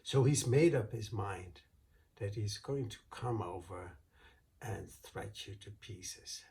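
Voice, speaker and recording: A man telling a folk tale in a relaxed, unscripted way, with fillers and restarts. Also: lowish voice, slow. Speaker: storyteller.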